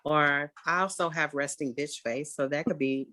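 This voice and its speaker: A woman artist hosting a casual conversation, talking candidly and emphatically and often breaking into animated quoted outbursts. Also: low-pitched, moderate pace, dry recording. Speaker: artist and podcast host.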